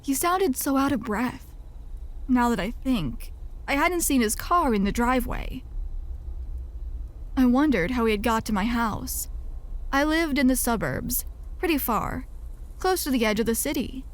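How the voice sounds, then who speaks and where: Woman, horror story narration, slow and measured, slightly high voice. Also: expressive. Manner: slow, measured, first-person telling.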